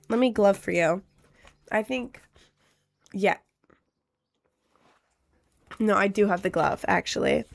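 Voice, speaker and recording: A woman's voice: mid-range voice, unhurried, gravelly, long pauses. Congested, nasal young woman streamer. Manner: chatty, with many fillers like "um" and "like". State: congested after a cold. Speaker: livestreamer and musician. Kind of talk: casual livestream chat, reading viewer comments aloud.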